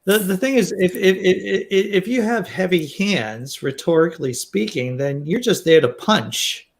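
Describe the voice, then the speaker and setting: A man with a fairly high voice chats casually as a guest. He teases the others and tumbles over his own restarts. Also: lively intonation, normal speed, a little hiss or hum. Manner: teasing, stumbling restarts. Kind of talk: casual chat.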